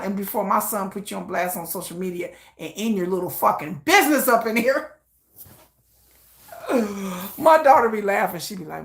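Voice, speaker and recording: Woman streamer, high bright voice, animated comic monologue, echoey room. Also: moderate pace. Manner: animated, playfully acts out imagined scenes. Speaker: live reaction streamer. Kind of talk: comedic live-stream monologue.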